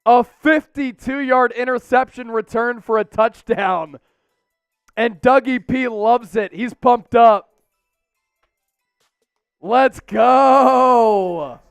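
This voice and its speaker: A man's voice: very high voice, clear, resonant tone, no room sound. A man hosting a live-stream football watch party, hyped and calling out viewers' names and super chats. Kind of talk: excited live-stream sports chat.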